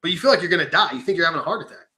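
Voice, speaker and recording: Fast, bright-voiced man telling stories. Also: a little high. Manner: animated storyteller, swears freely, acts out quotes. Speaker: podcast host. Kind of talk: casual chat.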